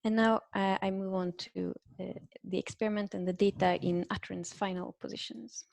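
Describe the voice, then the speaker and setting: A woman's voice: mid-range voice, steady tone, moderate pace, creaky, darkish tone, no room sound. A woman giving an academic talk over a video call, hesitant, with many fillers and restarts. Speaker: invited linguistics speaker. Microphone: computer microphone on a video call.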